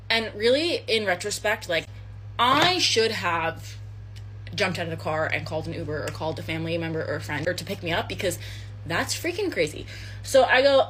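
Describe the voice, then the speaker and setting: A young woman casually telling a first date story, chatty and animated, acting out the dialogue. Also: mid-range voice, fairly quick, slight background noise.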